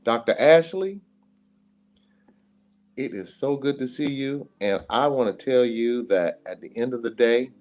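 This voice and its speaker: A man hosting a live talk radio show, emphatic and animated, breaking into laughter. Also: mid-range voice, a little slow. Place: radio studio.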